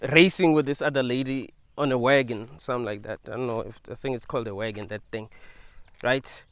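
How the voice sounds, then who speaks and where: A man's voice: mid-range voice, clean tone, no echo. A man talking casually to his viewers in a rambling monologue, laughing often and leaning on fillers. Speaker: video creator.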